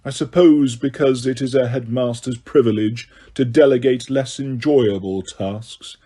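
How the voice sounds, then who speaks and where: A man voicing a cold, sneering male potions master who speaks quietly, slowly and waspishly. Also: medium pitch, animated, breathy edge. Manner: slow, quiet, silky and waspish.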